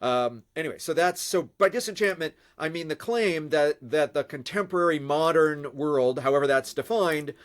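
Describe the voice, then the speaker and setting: A middle-aged man with a slightly raised pitch and a stuffy, nasal voice from a passing head cold. He explains academic ideas in a measured way, often pausing on "uh" as he builds his points. He sounds like a professor talking on a video call. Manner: measured, with frequent uh fillers. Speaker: guest, professor of religion. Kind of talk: academic interview answers.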